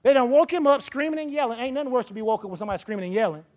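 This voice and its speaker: A woman preaching a sermon with folksy, vernacular phrasing, building up to shouts. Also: fairly high pitch, very fast. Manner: animated, rising to shouts.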